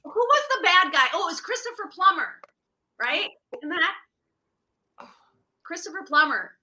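An older woman chatting as a panel guest in a casual, animated, laughing way over a video call. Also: very high voice, a little slow.

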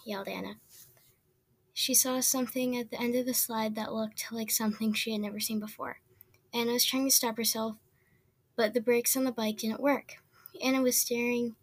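A woman's voice: a little high, no room sound. A woman reading a children's story aloud in a plain way, with small slips and restarts. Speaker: reader.

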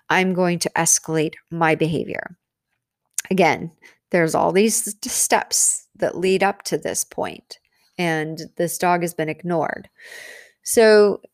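Woman dog trainer, lowish voice, casual explainer with lots of "um"s, dry close recording. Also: smooth, no room sound. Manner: conversational, many fillers and restarts, explains with analogies. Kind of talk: casual instructional talk.

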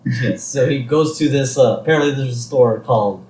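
A man's voice: medium pitch, normal speed, a little mellow. A man co-hosting a podcast, chatting casually about a cartoon episode and chuckling often. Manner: chuckles often while talking. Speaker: podcast co-host. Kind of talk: casual episode recap chat. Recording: roomy echo.

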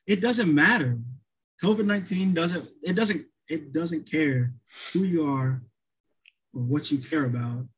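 Husky man rambling in casual chat. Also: medium pitch, rough recording. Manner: rambling, many restarts and fillers.

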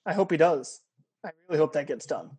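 A man with a fairly high voice hosting a radio sports talk show. He keeps the chat casual and easygoing, joking with his guest and laughing along with her. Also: animated, fairly quick, darkish tone, slightly rough.

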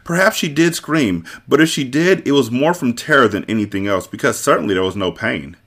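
A man hosting a podcast, reading a novel aloud with expressive, theatrical storytelling. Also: medium pitch, a little fast. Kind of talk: dramatic read-aloud narration.

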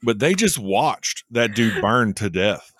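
Wry low-voiced man joking casually. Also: sing-song, a bit bright, husky, dry recording, clean studio sound. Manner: joking, wry, quick asides. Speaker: podcast co-host. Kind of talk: casual chat.

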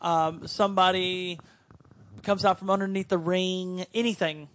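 A man co-hosting a casual wrestling podcast, excitable and profane, laughing often. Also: high-pitched, measured pace. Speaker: podcast co-host. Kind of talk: casual chat.

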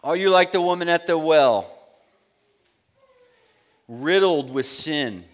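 A male pastor delivers a sermon at an unhurried, deliberate pace, pressing his listeners with question after question. His voice sits somewhat high for a man. The sound rings with the long reverb of a large hall. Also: animated. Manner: slow, emphatic preaching with rhetorical questions.

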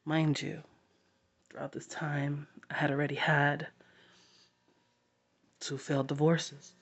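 A woman sharing a personal story to camera, halting and heartfelt, with long pauses. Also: low-pitched, flat delivery, slightly rough.

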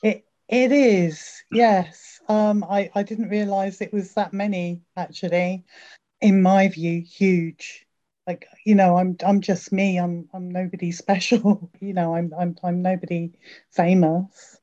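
A woman's voice: fairly low pitch, flat delivery, slow pace, mellow. A woman being interviewed as a podcast guest, answering modestly and carefully with some hesitation. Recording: dull lo-fi sound.

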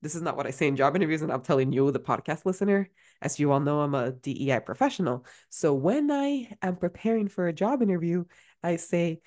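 A woman's voice: low-pitched, animated, fairly quick, darkish tone. A woman hosting a career-coaching podcast in a chatty, casual way, full of fillers and restarts. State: out of breath at times.

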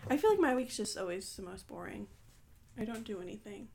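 A woman's voice: mid-range voice, animated, fairly quick, creaky, darkish tone, a little hiss or hum. A young woman co-hosting a podcast, laid-back and self-deprecating, swearing casually and giggling. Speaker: podcast co-host. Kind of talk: casual chat.

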